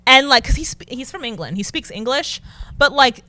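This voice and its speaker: A young adult woman, a news anchor, chatting as a guest and telling animated stories with frequent laughter. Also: high voice, fairly quick, no echo. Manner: animated storyteller, laughs often. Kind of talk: casual interview chat.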